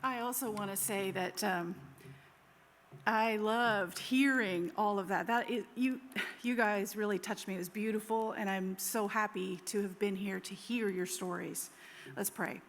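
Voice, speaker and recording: A woman chaplain thanking the students and gently leading a closing prayer. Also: medium pitch, steady tone, a little slow, a little hiss or hum. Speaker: school chaplain. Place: school chapel. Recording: reverberant hall.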